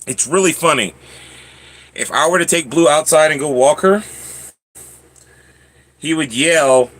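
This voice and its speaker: A man hosting a casual livestream, chatting with viewers and answering their comments. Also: fairly bright tone. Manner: chatty, talks to his pets in a high coaxing voice. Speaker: livestream host.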